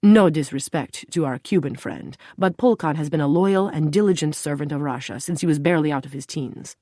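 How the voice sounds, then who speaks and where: A woman's voice: low voice, fairly quick, mellow, dry recording, studio quality. A woman voicing an anxious male political handler who talks earnestly and turns faltering and defensive when pressed.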